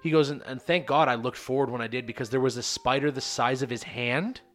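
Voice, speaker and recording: A young Canadian man co-hosting a podcast, swearing freely and telling stories with sudden loud bursts. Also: mid-range voice, fairly quick, faint music behind. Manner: animated, profane, swings loud. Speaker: podcast co-host. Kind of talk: casual chat.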